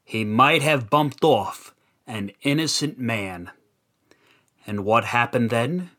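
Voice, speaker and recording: A man narrating a dark comic rhyming tale with a theatrical delivery. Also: mid-range voice, lively intonation, slow pace. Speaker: storyteller.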